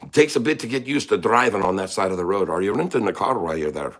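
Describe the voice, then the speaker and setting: A man's voice: fairly low pitch, lively intonation, fast talker, fairly bright tone. A man voicing a boastful, joking Irish leprechaun in a put-on Irish accent, teasing his live-stream viewers with mock-tough banter. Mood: cheeky.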